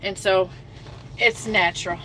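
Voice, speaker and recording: A woman's voice: mid-range voice, steady tone, measured pace, pushed and bright, a little hiss or hum. A middle-aged woman trucker hosting a casual livestream chat, self-mocking and reading viewer comments aloud.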